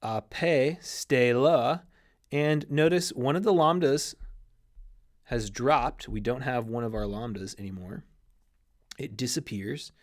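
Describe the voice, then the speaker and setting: A man teaching a recorded grammar lesson in an explanatory way, often restarting phrases and spelling out letters slowly. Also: mid-range voice. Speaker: Greek teacher.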